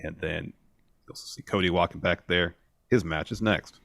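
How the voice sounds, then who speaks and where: Deep-voiced man giving play-by-play. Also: moderate pace, vocal fry, dry recording, studio quality. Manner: steady play-by-play retelling. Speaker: podcast co-host recapping wrestling. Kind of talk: casual recap chat.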